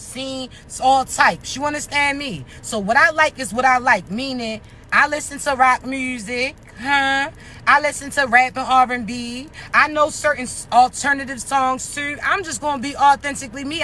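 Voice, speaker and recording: A raspy woman with a Maryland accent, speaking high and bright as she gives a casual motivational talk to camera. She is blunt and streetwise, swears freely, and keeps asking her listeners if they understand. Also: a little hiss or hum. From Maryland, United States. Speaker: motivational social media creator.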